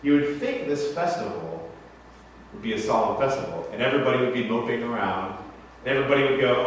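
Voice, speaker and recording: This pastor, a man with a mid-range voice, talks quickly and expressively as he preaches casually, cracking jokes and asking the congregation questions. The setting is a church sanctuary, recorded from a distance in an echoey hall with slight background noise.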